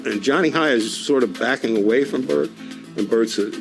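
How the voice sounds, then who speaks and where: A man with a gravelly voice narrating a sports documentary in a scripted, measured way. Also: mid-range voice, over music, low-quality recording.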